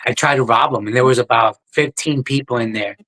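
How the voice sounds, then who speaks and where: Guy on a podcast, earnest and plain-spoken, middle-pitched voice, just telling it straight. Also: fairly quick, pushed and bright, poor audio. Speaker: guest, ultra runner. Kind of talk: podcast interview, personal story.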